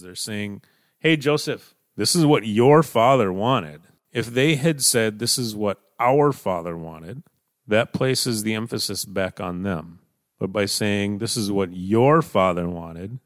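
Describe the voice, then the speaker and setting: Male preacher, lowish voice, teaching scripture verse by verse, dry close sound. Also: gravelly, no echo. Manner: explains verse by verse, shifts between emphatic and hushed. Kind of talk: Bible teaching sermon.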